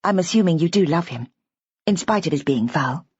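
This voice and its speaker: A woman as a calm, sensible heroine. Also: sits low, brisk, breathy edge, dry recording. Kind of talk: audiobook character voice. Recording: dull, dry audiobook recording.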